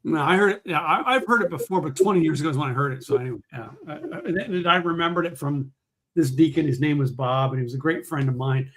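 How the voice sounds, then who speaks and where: A middle-aged man with a slightly higher voice, co-hosting a relaxed podcast chat. He tells a story with plenty of animation and slips into other people's voices as he goes. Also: quick pace. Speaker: podcast co-host. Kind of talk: casual chat, telling a joke.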